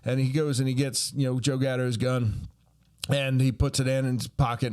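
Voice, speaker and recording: A man's voice: medium pitch, normal speed. A young man, telling a folksy comedy story to the camera. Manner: folksy, animated, acts out quoted voices.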